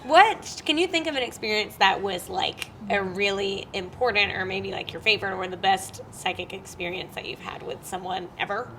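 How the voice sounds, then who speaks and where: A woman's voice: mid-range voice, normal speed, hardly any pauses, a bit bright, a little hiss or hum, poor audio. A woman co-hosting a casual podcast, asking a guest questions in a friendly way and laughing easily. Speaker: podcast co-host.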